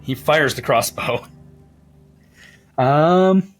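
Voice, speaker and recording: A man's voice: a little high, extremely slow, faint music behind. A man narrating as game master for a tabletop roleplaying game, in a loose, rambling way that keeps breaking into laughter.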